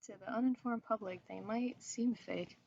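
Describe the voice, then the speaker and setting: A woman voicing a calm, matter-of-fact middle-aged male monster-hunting instructor with a slight Canadian accent, read in a horror story. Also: on the high side, moderate pace, creaky, highs cut off, a little hiss or hum.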